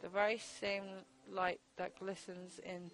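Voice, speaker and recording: A woman voicing a shy, soft-spoken bookish teenage girl, reading her lines hesitantly and quietly. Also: fairly low pitch, flat delivery, unhurried, soft background music, low-quality recording. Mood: reflective.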